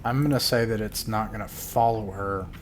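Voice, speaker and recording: Low-voiced man running the game, easygoing and unhurried. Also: fairly even intonation, slight background noise. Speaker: game master. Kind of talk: narrating a tabletop game.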